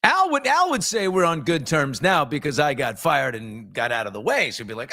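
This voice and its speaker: Fifties male host, animated raconteur with big pitch jumps, dry studio mic. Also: brisk, few pauses, dry recording. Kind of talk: casual chat show storytelling.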